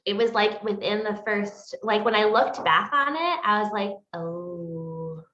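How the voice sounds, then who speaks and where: A woman's voice: medium pitch, moderate pace, pushed and bright. Easygoing woman in an echoey room. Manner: easygoing, agreeable, laughs often. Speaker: podcast co-host. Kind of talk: casual book review chat. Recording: roomy, dull lo-fi sound.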